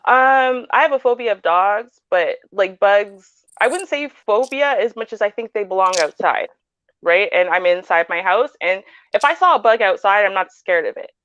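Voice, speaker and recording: A woman's voice: medium pitch, moderate pace, clean tone, dry recording, dull audio. A woman with a Canadian accent, a panelist in a casual chat, telling stories animatedly and often asking "right?". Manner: animated storytelling with frequent "right?".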